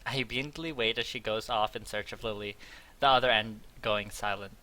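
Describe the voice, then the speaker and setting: Bright-voiced young man reading a game aloud. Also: on the low side, fairly even intonation, fairly quick. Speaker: let's play host narrating a visual novel. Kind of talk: casual game read-along narration.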